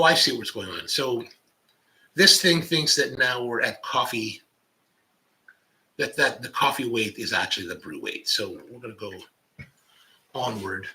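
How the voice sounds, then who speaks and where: Man, middle-aged, casual rambling coffee chat, animated pitch, bright tone. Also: rough recording. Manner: rambling, reads viewer comments aloud. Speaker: coffee show host. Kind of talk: casual live-stream chat.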